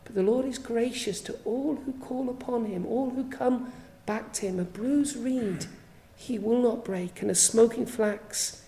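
A woman's voice: on the high side, warm tone, echoey room, a little hiss or hum, rough recording. A woman preaching a sermon in an earnest, pleading way, often putting direct questions to her listeners.

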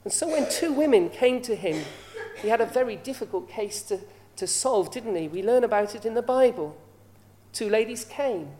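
Woman preacher, sermon delivery, rhetorical questions, warm, higher pitch. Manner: asks the listeners rhetorical questions.

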